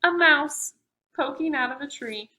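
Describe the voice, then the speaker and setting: A woman librarian leads a preschool storytime, reading aloud in an animated way and asking the children questions. Her voice is bright and she takes her time. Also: high voice, unhurried, rough recording.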